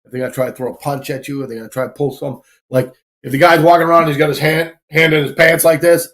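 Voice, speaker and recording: A man's voice: on the high side, flat delivery, quick pace, fairly bright tone. A man, a former bouncer, guesting on a show and telling stories in a casual, rambling way full of fillers and swearing. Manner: profane, rambling, filler-heavy. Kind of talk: casual storytelling.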